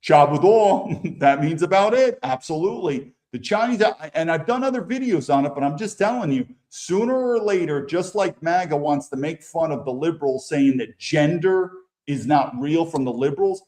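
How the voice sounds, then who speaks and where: A man's voice: fairly high pitch, lively intonation, moderate pace, a little mellow. An American man hosting his own show, giving blunt, opinionated commentary over news clips and often restarting his sentences. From United States. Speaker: political commentary show host.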